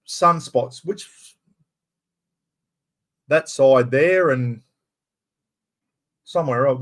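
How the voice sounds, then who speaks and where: A middle-aged man from far north Queensland with an Australian accent, rambling and greeting viewers by name as the host of a casual live stream. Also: medium pitch.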